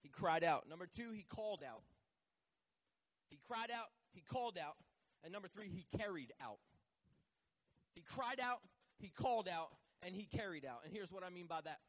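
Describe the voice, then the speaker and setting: A man's voice: sits high, expressive, moderate pace, fairly bright tone. A male pastor preaching a sermon, joking and teasing himself and asking the church to answer back. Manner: jokey, self-teasing, calls for responses.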